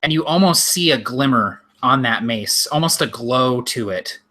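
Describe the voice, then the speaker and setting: A man narrating as game master in a tabletop game, describing the action in a lively, vivid way. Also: medium pitch, moderate pace.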